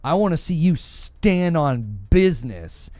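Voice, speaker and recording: A man's voice: a little high, expressive, measured pace, dark tone, no echo. A man hosting a gaming live stream, chatting casually, reading viewer comments and laughing often as he riffs on jokes.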